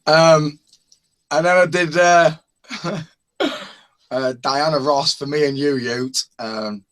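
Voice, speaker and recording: During casual chat in an online open-mic hangout, a man rambles and chuckles while listing parody songs he has made. His voice is medium-pitched and fairly bright, and he speaks slowly with frequent pauses.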